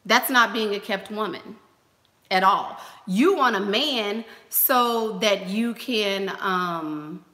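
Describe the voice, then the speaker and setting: A woman's voice: mid-range voice, slow pace, bright, forceful tone, roomy sound. A woman hosting a casual livestream, giving advice in a chatty way, repeating phrases and using lots of fillers. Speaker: host.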